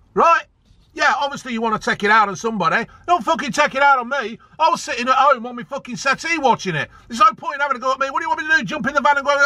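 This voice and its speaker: Brief: male fan vlogger, sharp bright tone, heated sweary rant, dry close sound. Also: very high voice, no echo. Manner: heated, sweary, repeats himself for emphasis. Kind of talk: angry ranting vlog.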